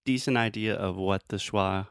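A man teaching English pronunciation in a casual, playful way, explaining slowly with many examples. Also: on the low side, steady tone, clean tone, no echo, studio quality.

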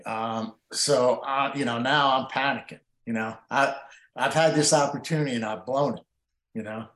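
A man's voice: mid-range voice, steady tone, moderate pace, fairly bright tone. Emotional man telling a story, roomy sound. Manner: emotional, rambling with many fillers. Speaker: guest, tournament angler. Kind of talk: storytelling interview. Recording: roomy echo.

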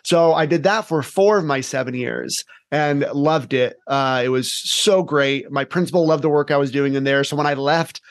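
A man who coaches teens, telling stories in an animated, energetic way in a casual podcast interview. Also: fairly high pitch, moderate pace, few pauses, no echo, clean studio sound. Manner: animated, energetic storyteller who acts out scenes. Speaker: teen life coach.

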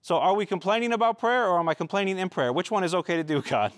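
A man delivers a sermon as a pastor, talking to his listeners in an earnest, conversational way. His voice sits a bit higher than most men's. The recording is close and dry, with no room echo. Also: lively intonation, quick pace, few pauses.

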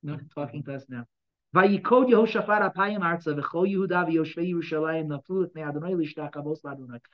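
A Torah teacher leads a Bible class, reading verses aloud and explaining them dramatically, swinging from loud bursts to quiet asides. He talks fast with a voice on the high side, and the audio sounds dull.

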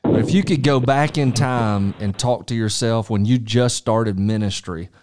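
A man's voice: medium pitch, normal speed, very noisy. A man hosting an interview, enthusiastic and affirming, with casual slang. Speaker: interview host. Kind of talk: conversational interview.

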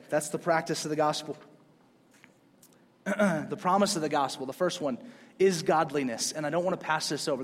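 A man preaching a sermon in a casual, conversational way, pushing up hard on key points. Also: on the high side. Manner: casual, conversational preaching with rising emphatic peaks. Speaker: pastor. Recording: long hall reverb.

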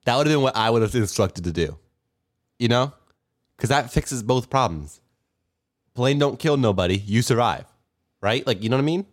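A man's voice: mid-range voice, expressive, normal speed, long pauses, no echo, clean studio sound. A young man co-hosting a podcast in a playful, joking way, throwing out trivia. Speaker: podcast co-host. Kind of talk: casual chat.

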